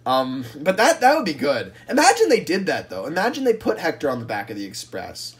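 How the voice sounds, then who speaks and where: A man co-hosting a casual podcast, animated and rambling, laughing often as he riffs on ideas. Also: a little high, fairly quick. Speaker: podcast co-host. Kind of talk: casual chat.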